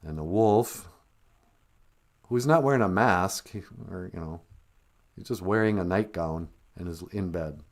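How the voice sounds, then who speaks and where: A man's voice: low-pitched, measured pace, pauses often. A man hosting a live stream, retelling a children's story in a wry, sarcastic comedic way.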